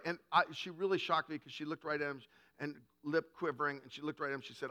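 A middle-aged male pastor preaching a sermon in a high, bright voice. He moves between booming emphasis and quiet, conversational asides. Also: brisk.

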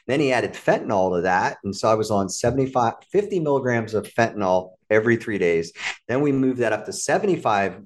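A man, a guest in a conversational interview, telling a personal story with animated delivery and acting out the voices of people he quotes. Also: medium pitch, a little fast. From United States.

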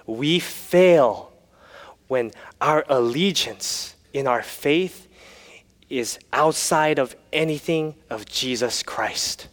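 A man's voice: mid-range voice, slow, fairly bright tone, big-room sound. A man preaching a sermon, telling stories with humor and then turning earnest. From United States. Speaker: pastor.

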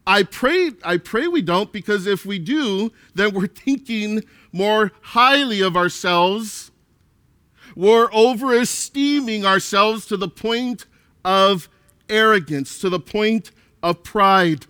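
A man preaching from the pulpit, his voice high and clear with a crisp, smooth ring. He takes his time, leaning on key words and repeating them. The sound is close and dry. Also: lively intonation, slow, bright, forceful tone, no echo. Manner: acts out quotes of an arrogant churchgoer. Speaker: pastor. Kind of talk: sermon.

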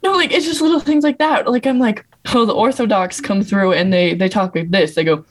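A young adult woman, a nurse, chatting casually on a podcast, bubbly and quick to laugh as she acts out what people said. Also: medium pitch. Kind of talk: casual storytelling chat.

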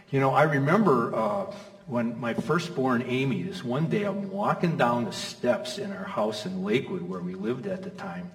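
A man's voice: mid-range voice, lively intonation, moderate pace. A middle-aged male pastor preaching a sermon in a conversational, storytelling way, acting out quoted voices, in a church hall. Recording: echoey hall from far off.

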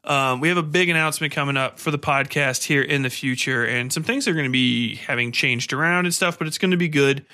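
A man's voice: mid-range voice, brisk, hardly any pauses, sharp tone. A young man hosting a podcast, rambling casually through his outro with blunt, profane remarks and lots of fillers. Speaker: podcast host.

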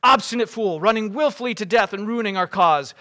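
A proud, desperate warrior hungry for power, read aloud by a man, with a bright, forceful voice pitched high and rising to furious shouts. He pushes every line with insistence. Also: fairly quick. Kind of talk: dramatic reading aloud.

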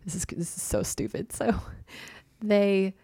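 A woman's voice: medium pitch, steady tone, slow, vocal fry, warm tone, husky, no room sound, clean studio sound. A young woman telling a personal story in casual chat, full of "like" and little laughs. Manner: chatty, heavy use of "like", laughs often.

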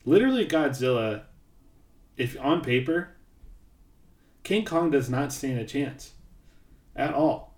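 A man's voice: mid-range voice, animated, slow, long pauses, darkish tone. A man co-hosting a podcast, talking casually in a laid-back, easygoing way. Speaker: podcast co-host. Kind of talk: casual chat. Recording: roomy echo.

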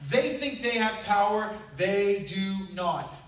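A man's voice: high voice, slow. A man, a pastor, giving a sermon that reads scripture and then retells it in casual, conversational words. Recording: very echoey room, voice from far off.

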